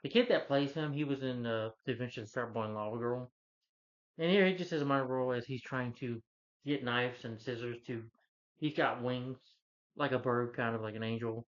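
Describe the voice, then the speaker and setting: A man's voice: medium pitch, fairly quick. Rambling man reviewing a movie, lo-fi. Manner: rambling, restarts, hums the score and quotes lines.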